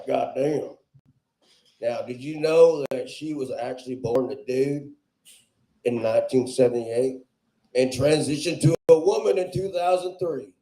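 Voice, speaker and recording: A man doing a crude stand-up set on a club stage, loud and laughing at his own jokes. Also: mid-range voice. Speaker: stand-up comedian. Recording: roomy club echo.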